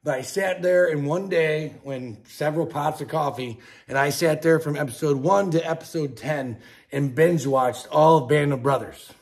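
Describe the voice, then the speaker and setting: A middle-aged man hosting a podcast, ranting angrily and profanely about politics, dropping from low mutters to outbursts while drinking beer. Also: moderate pace, gravelly. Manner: angry, profane, swings between muttering and shouting. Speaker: podcast host.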